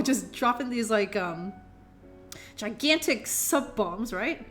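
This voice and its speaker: Faint music plays behind a woman with a fairly high, expressive voice who speaks at normal speed. On her casual live stream she reads a children's book aloud and chats to viewers, rambling, laughing frequently and swearing playfully, a bit tipsy.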